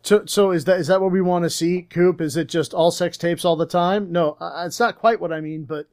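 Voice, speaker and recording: A man's voice: sits high, steady tone, fairly quick, a little mellow. A man hosting a podcast, joking playfully and steering the talk between guests. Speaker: podcast host.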